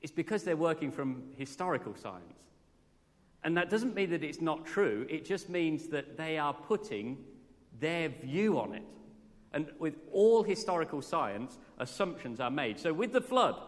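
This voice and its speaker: A fairly high male voice with big pitch swings moves at a measured pace through a morning sermon. He speaks earnestly and conversationally, frequently questioning the congregation, and the church hall gives the recording a long reverb.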